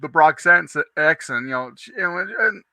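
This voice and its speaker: A man's voice: on the high side, lively intonation, moderate pace, sharp tone, no room sound. A man in a casual chat, joking and chuckling as he tells stories.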